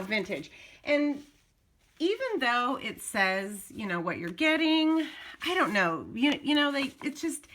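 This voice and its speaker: A woman talks through her finds in a loose, rambling way, often breaking off mid-thought. Her voice has a bright, clear edge. A faint hiss sits under the home recording. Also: high voice. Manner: chatty, rambling, self-interrupting. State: slightly out of breath. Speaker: craft vlogger. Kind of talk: casual show-and-tell.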